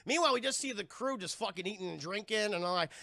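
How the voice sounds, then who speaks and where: A man live-streaming a casual, profane scene-by-scene film retelling, animated and slipping into quick voices for the characters. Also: sits high, creaky, no room sound, studio quality.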